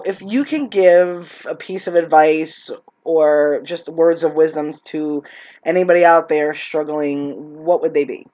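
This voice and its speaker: A woman's voice: low voice, a little mellow, lo-fi sound. A woman with a New York accent hosts a video-call interview, encouraging her guest and laughing often. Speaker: interview host, advocacy founder. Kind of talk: casual interview chat.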